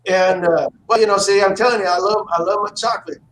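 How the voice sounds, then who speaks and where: A man's voice: sits high, fairly even intonation, fast, fairly bright tone. A man chatting casually on a livestream, telling rambling, profane stories. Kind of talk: casual chat. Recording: roomy echo with faint noise.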